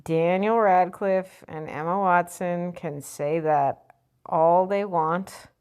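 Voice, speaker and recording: Woman vlogger, slightly low voice, blunt and scornful, reads an article aloud and picks it apart. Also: fairly even intonation, takes it slowly, darkish tone, clean tone. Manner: blunt, sarcastic, profane ranting. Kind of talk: opinion vlog reading an article.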